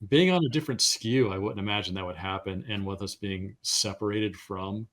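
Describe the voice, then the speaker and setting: A middle-aged man talks through old work stories in a slightly low voice. He rambles casually, pokes fun at himself, and now and then trips over his own words as he goes. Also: moderate pace, a bit bright. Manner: rambling storyteller, self-deprecating, trips on words. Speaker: game designer guest. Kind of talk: casual interview chat.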